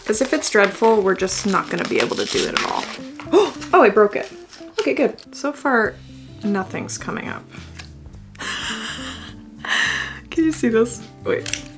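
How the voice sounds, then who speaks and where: A woman's voice: on the high side, big pitch swings, unhurried, pauses often, over music. Chatty self-mocking young woman vlogger. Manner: chatty, self-deprecating, swears freely, mock-dramatic wails. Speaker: beauty vlogger. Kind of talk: casual makeup vlog chatter.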